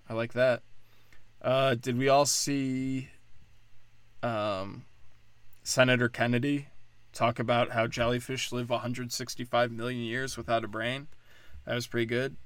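A man delivering a profane, sarcastic political rant, swinging between loud outbursts and low muttering. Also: no echo. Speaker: political commentator.

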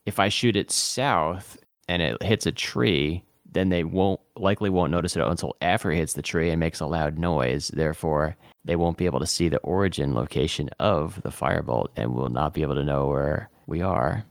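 A man's voice: very deep voice, normal speed, gravelly, few pauses, dry recording, clean studio sound. A man playing as a guest in a tabletop game, methodically talking through plans step by step. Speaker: guest player.

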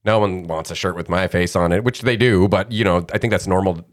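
A male podcast host with a very low voice, talking rapidly in a relaxed, casual manner. He backs his guest up with easy encouragement.

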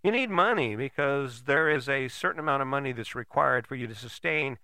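A man's voice: mid-range voice, animated, fairly quick, sharp tone, no room sound. An older man giving a casual motivational talk, folksy and blunt, often checking in with "right?".

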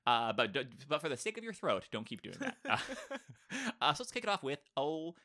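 A man with a bright, ringing voice talks on a casual film podcast. His pitch swoops and jumps as he tells stories and jokes, laughing easily. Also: brisk. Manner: animated, laughs often, reads notes aloud. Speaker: podcast co-host. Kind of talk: casual movie podcast chat.

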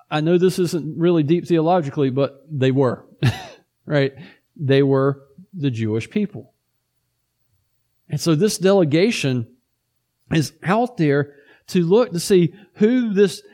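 A man's voice: on the high side, a little mellow. A man preaching a conversational sermon as pastor, often asking "right?" and acting out the people he quotes. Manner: conversational, acts out quoted exchanges.

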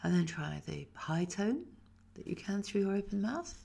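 A woman who is a voice teacher, calmly guiding a voice exercise and demonstrating the sounds herself. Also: medium pitch, moderate pace, creaky. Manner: calm, instructive, demonstrates sounds. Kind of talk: guided voice exercise.

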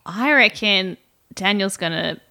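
A woman co-hosting a casual comedy podcast, chatty and quick to laugh. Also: mid-range voice, lively intonation, creaky, bright, forceful tone. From Australia. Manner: chatty, laughs often, uses slang. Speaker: podcast co-host.

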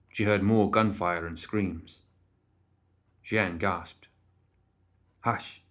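A man reads a fantasy audiobook in a measured, even way. His voice sits on the low side, and the telling is calm and steady. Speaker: narrator. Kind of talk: scripted audiobook narration.

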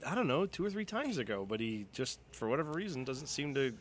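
A man co-hosting a sports podcast, wry and blunt, with halting restarts. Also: mid-range voice, big pitch swings, slight background noise. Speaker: podcast co-host. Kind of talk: casual sports talk.

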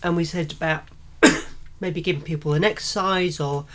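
A woman's voice: lowish voice, steady tone, normal speed. A woman co-hosting a casual faith podcast, chatty and rambling, often laughing between thoughts. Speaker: podcast co-host.

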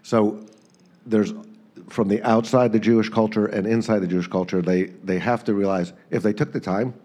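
A man in a Bible study group thinking out loud, often adding "right?" and "um". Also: on the low side, steady tone, normal speed. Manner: thinking aloud, lots of "right?" and "um".

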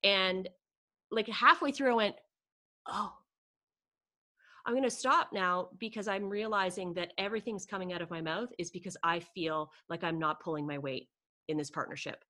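A woman's voice: on the low side, a little fast. A middle-aged woman chatting casually and animatedly, often acting out her own inner voice. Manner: animated, lots of "like" and quoted self-talk. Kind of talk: casual conversation.

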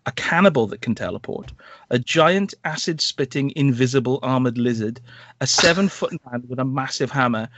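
A man's voice: medium pitch, dry recording, lo-fi sound. A man, a podcast co-host, chatting casually through a film review, rambling and sarcastic. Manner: animated, rambling, sarcastic asides.

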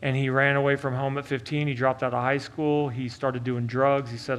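Male pastor, storytelling sermon, fairly high voice. Animated, loud to hushed and earnest. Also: a little fast, hardly any pauses. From Oklahoma.

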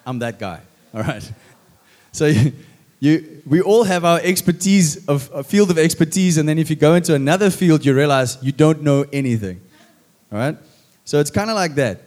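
A man's voice: a little high, expressive, normal speed, a little mellow. Chatty jokey male pastor. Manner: chatty, jokey, asks the audience questions. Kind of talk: casual sermon to a congregation.

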